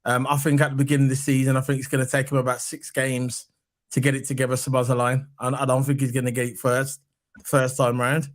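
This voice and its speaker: A man hosting a casual football fan chat, animated and repeating his points for emphasis. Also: medium pitch, quick pace. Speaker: football podcast host.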